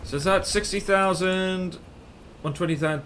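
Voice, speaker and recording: A man's voice: high-pitched, moderate pace, fairly bright tone, slight background noise. A man streaming a game, chatting casually and thinking aloud while he plays. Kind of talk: casual gaming stream chat.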